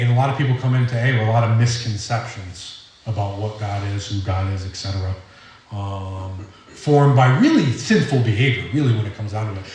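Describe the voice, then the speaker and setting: A young man with a Rhode Island accent giving an earnest, rambling personal testimony at a recovery meeting, halting often with fillers. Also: fairly low pitch, distant mic. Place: meeting hall. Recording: roomy hall audio from off-mic.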